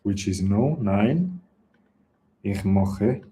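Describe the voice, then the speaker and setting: Slow, deep-voiced teacher. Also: male voice, lively intonation, mellow, slight background noise. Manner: slow, patient explaining with example sentences. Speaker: German teacher. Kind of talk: language lesson.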